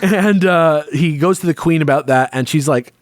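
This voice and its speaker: A man recaps a comic for his co-hosts in a loose, profane, chatty way, tossing in quick voices for the characters. His voice sits a little high and the sound is dry and close. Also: no room sound. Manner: loose, profane, acts out quotes in quick bits. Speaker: podcast co-host. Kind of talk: casual chat recapping comics.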